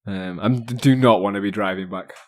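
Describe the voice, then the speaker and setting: Low-voiced English man, rambling podcast host. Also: moderate pace. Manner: rambling, with many ums and restarts. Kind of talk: casual podcast chat.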